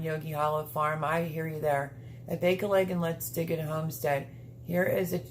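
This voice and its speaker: Low, gravelly woman chatting on a livestream. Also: a little hiss or hum. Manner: reads viewer comments aloud, chatty and heartfelt. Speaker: homesteading channel host reading live chat. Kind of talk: casual livestream chat. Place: home. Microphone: streaming setup.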